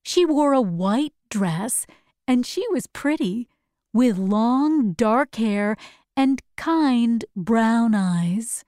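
Very slow, expressive woman storyteller. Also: a little high, no echo, clean studio sound. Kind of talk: storybook read-aloud.

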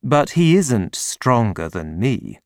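Man playing a cool clever detective, unhurried, lively pitch, dry. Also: vocal fry, no echo, heavily acted. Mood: calm. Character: calm, clever male detective, dryly ironic.

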